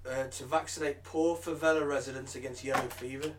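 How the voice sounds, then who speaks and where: A man's voice: mid-range voice, steady tone, fairly quick, recorded from a distance, a little hiss or hum. A man co-hosting a podcast, reading out news items plainly with dry asides. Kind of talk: casual chat.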